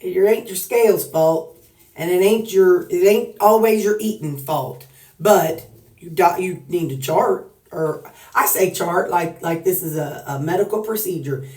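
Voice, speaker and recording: A woman's voice: fairly low pitch, a little slow, a little mellow, echoey room, recorded from a distance. A woman with a Southern US accent chatting casually to her followers, folksy, joking and rambling as she talks. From Missouri. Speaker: weight-loss vlogger. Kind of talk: casual chat to camera.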